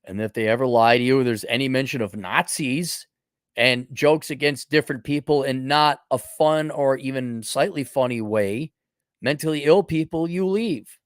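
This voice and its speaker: A man's voice: mid-range voice, normal speed, dry recording, clean studio sound. A man hosting a blunt, sarcastic advice monologue, with casual profanity. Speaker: host.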